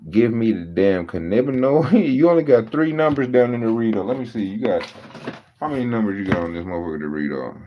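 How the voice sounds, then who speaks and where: A man with a somewhat low voice rants casually, swearing freely and leaning on slang as he tells exasperated stories. The sound is dull and lo-fi, as if through a cheap recorder. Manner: profane, exasperated, storytelling with slang. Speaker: podcast host. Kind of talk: casual ranting monologue.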